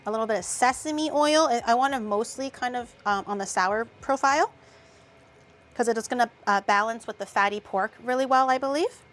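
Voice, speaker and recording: A woman's voice: on the high side, a little fast, a bit bright. A woman hosting a casual cooking tutorial, chatty and loose, with the odd crude joke. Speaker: vtuber cooking host.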